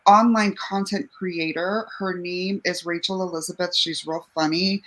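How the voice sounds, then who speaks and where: A woman's voice: fairly low pitch, steady tone, measured pace, a bit bright, rough recording. A woman on a podcast, chatting in a conversational way.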